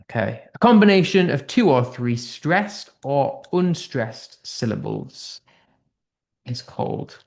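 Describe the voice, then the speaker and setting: A man's voice: medium pitch, big pitch swings, takes it slowly, vocal fry, a little mellow. A man with a British accent teaching an online English class, upbeat and thinking aloud as he reads out quiz answers. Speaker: English tutor.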